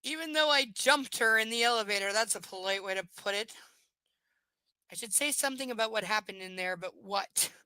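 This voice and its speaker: A woman's voice: medium pitch, a little fast, sharp tone, smooth, dry recording, rough recording. A woman at home doing a live reading of a novel aloud, breaking off for wry, sarcastic asides. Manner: wry, sarcastic asides between read passages. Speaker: reader and host.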